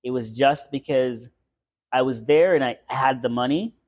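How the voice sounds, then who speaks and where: A man's voice: medium pitch, moderate pace, a little mellow. A young man from Florida telling a story in casual podcast chat, rambling and laughing often. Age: young adult.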